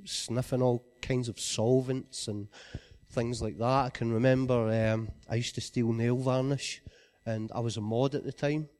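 Scottish guy giving his testimony, earnest and low-key, mid pitch, drops right down quiet a lot. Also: steady tone, unhurried. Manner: earnest storytelling, often falls quiet. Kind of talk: personal testimony.

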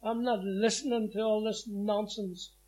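A woman's voice: medium pitch, steady tone, unhurried, mellow, close to an everyday voice. A man voicing his distraught mother, who scolds her grown son in a pleading tone. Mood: scolding.

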